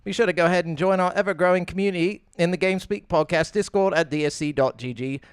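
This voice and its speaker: A man hosting a gaming podcast in casual chat, joking and animated. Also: high-pitched, clean tone, no room sound, clean studio sound. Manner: animated, joking, quick to laugh. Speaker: podcast host.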